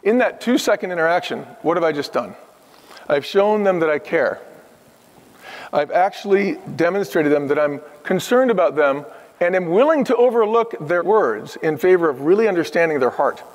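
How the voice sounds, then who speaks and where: A man in his fifties, speaking earnestly and emphatically as a podcast guest. His voice sits a little high for a man. The recording carries a long hall reverb. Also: animated, normal speed. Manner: earnest, emphatic storytelling that acts out the people he quotes. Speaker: podcast guest, former restaurant chief executive. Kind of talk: conversational interview.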